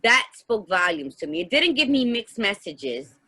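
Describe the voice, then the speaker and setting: A woman with a bright, clear voice co-hosts a relaxed podcast conversation. She tells personal stories with feeling and acts out the dialogue in them. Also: mid-range voice, normal speed, slight background noise. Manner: heartfelt storytelling, acts out dialogue. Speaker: podcast co-host. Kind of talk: casual chat.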